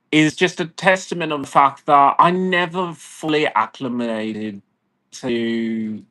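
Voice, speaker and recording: A man's voice: medium pitch, a bit bright. A man in an agitated, profane, rambling personal rant, talking to camera. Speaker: vlogger. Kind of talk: ranting personal monologue.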